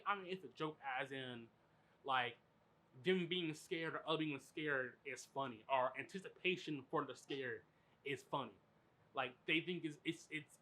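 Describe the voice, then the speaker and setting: A man hosting a podcast, telling a story in animated, profane, filler-heavy casual chat. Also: fairly high pitch. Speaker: podcast host.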